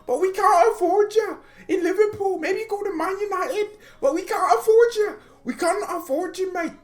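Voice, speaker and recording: A man's voice: extremely high pitch, moderate pace, voice pushed up. A man voicing a mocking, apologetic male club spokesman who keeps pleading and repeating himself. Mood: whiny pleading.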